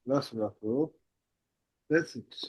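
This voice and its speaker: A man teaching a language class in a relaxed way, often repeating "that's it" and "how goes it". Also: medium pitch, takes it slowly, no echo. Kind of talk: casual online language lesson.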